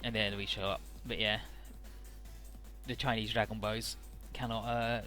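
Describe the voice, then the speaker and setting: Man, let's-play host, bright tense voice, casual swearing, quick put-on quotes. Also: lowish voice, little pitch movement, faint music behind. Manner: paraphrases dialogue in quick put-on snippets. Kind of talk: casual game commentary.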